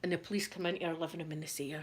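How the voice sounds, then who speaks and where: A middle-aged Scottish woman, the host of her channel, telling a story in a casual chat, animated and laughing often. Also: low-pitched, very fast, a little hiss or hum.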